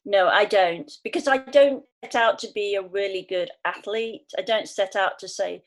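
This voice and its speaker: A woman in her fifties from England, a podcast guest telling an animated story and acting out the voices she quotes. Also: medium pitch, normal speed. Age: 50s. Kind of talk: conversational podcast interview.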